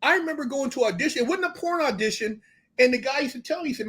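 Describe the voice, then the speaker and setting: A man talking as a podcast guest, telling animated, profane stories and acting out what others said. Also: very high voice, fast talker. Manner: animated storytelling, profane, acts out quoted dialogue. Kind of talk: casual podcast conversation.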